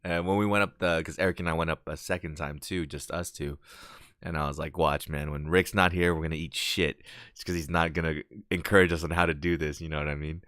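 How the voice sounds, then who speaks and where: A man's voice: extremely low pitch, fairly even intonation, a little fast, a bit bright, no room sound, clean studio sound. A man co-hosting a podcast, chatting in a laid-back way and swearing casually. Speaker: podcast co-host. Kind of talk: casual chat.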